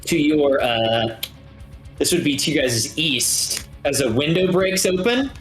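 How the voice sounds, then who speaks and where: Slow-talking game master, faint guitar behind. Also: male voice, a little high. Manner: relaxed, halting with many fillers. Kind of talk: narrating a tabletop game over voice chat.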